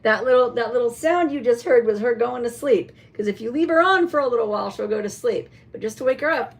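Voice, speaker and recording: A woman in a casual show-and-tell vlog, chatting about a toy with many fillers and some throat-clearing. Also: a little high, fast talker, hardly any pauses. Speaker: vlogger showing a toy.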